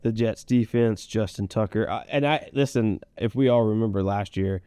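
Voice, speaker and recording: A man's voice: lowish voice, normal speed, dark tone, clear, resonant tone, no room sound, studio quality. A man co-hosting a podcast in a casual, rambling chat with playful teasing. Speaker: podcast co-host. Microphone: podcast mic.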